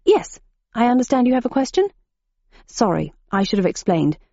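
A woman's voice: fairly high pitch, big pitch swings, moderate pace, warm tone, no room sound, voice pushed up. A woman voicing a youthful male captain giving a recruitment talk, earnest and tangled in his own words. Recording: dull muffled audiobook recording.

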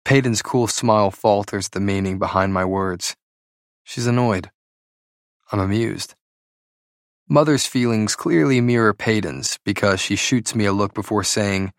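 A man reading first-person fiction aloud as an audiobook narrator, slow and deliberate. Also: fairly low pitch, fairly even intonation, dry recording, studio quality.

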